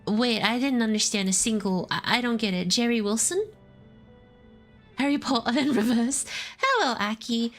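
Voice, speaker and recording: A woman's voice: fairly high pitch, expressive, normal speed, fairly bright tone, soft background music. A woman streaming a game live, chatting casually, laughing often and reading dialogue aloud in playful voices. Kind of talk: live gameplay commentary.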